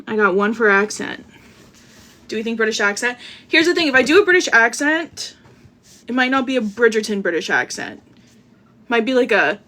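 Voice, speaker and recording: A woman's voice: fairly high pitch, a bit bright. A young woman hosting a casual livestream, chatty, bubbly and self-deprecating, talking into a phone with an earbud mic. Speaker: podcast host reading live.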